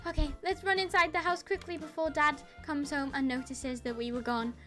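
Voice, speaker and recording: A woman's voice: high voice, fairly even intonation, fairly quick, sharp tone, faint music behind. A young woman playing a game and commenting with squeals, gasps and laughter, calling her partner sis. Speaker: gaming YouTuber. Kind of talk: excited roleplay gameplay commentary.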